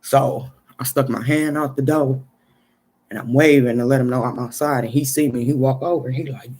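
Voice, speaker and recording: A man's voice: medium pitch, fairly even intonation, fairly quick, a little mellow. A man casually telling a personal story in profane street slang, often saying "you know what I'm saying". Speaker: storyteller recounting an experience.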